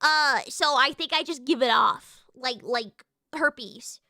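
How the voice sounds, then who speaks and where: A woman streamer chatting casually with her live chat, excitable and swearing freely, with lots of fillers and restarts. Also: high voice, slow, no echo, clean studio sound.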